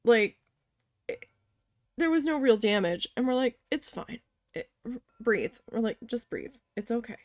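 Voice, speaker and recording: A woman's voice: on the high side, a little slow, long pauses, no room sound, soft background music. Young woman vlogger rambling about a road trip, swears a lot, does little voices for people, dry close sound. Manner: chatty, swearing, quoting others in lively voices. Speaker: crafting vlogger. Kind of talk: casual storytelling while crafting.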